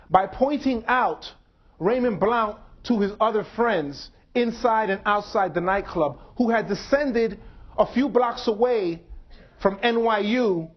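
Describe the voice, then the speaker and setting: High-pitched man giving a measured talk. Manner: measured, dramatic pauses. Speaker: speaker. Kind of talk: public lecture. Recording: dull lo-fi lecture recording.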